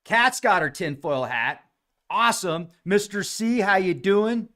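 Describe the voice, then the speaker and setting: Reading live chat comments on his podcast livestream, a man speaks in a high-pitched, expressive, slightly bright voice at a measured pace. He chats casually and names the people he responds to.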